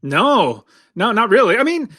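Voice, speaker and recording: Young male co-host, rambling and laughing, high voice, dead dry room. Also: big pitch swings, normal speed, bright, forceful tone, no room sound. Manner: rambling, laughing, many fillers. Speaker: podcast co-host. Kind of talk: casual chat. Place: basement.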